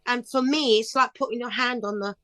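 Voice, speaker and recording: A woman's voice: fairly high pitch, fairly even intonation, a little fast, a bit bright, dry recording. A middle-aged woman talking as a guest in a casual interview, chirpy and upbeat, telling stories with animation. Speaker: guest singer.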